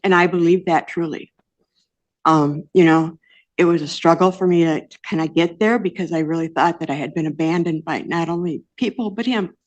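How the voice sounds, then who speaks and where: An older woman speaking as a defendant in court, earnest and rambling, with soft hesitations. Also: on the low side, normal speed, muffled recording. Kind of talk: courtroom testimony.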